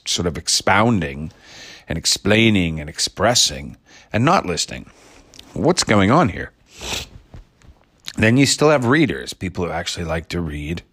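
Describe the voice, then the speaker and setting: A man's voice: low voice, fairly bright tone. A man from Ireland hosting a podcast, musing alone in a rambling, playful way with wry asides. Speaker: podcast host. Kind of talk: solo musing monologue.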